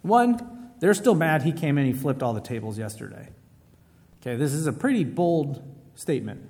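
A man's voice: fairly high pitch, sing-song, moderate pace, darkish tone. Casual preacher man in a reverberant hall. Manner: casual and conversational, asks the audience questions. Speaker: pastor. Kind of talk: sermon.

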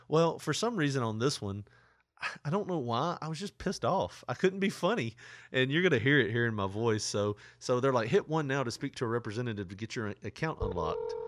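A man hosting a podcast in casual chat, telling stories in an animated way and jumping into mocking voices. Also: a little fast, noisy background. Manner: animated storyteller, jumps into high mocking voices. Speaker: podcast host.

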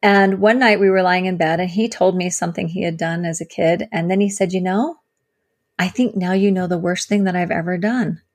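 A woman sharing her personal story as an interview guest, earnest and halting, with many fillers and restarts. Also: lowish voice, fairly even intonation, darkish tone. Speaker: guest, survivor advocate.

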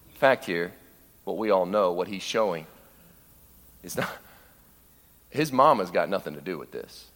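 A man preaching a sermon in an animated way, acting out scripture quotes in a raised voice and dropping low for asides. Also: normal speed, big-room sound.

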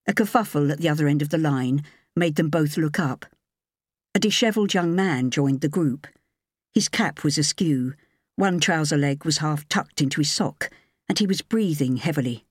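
A woman's voice: low-pitched, normal speed, no echo. Woman narrating an audiobook, dry sound. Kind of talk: scripted narration.

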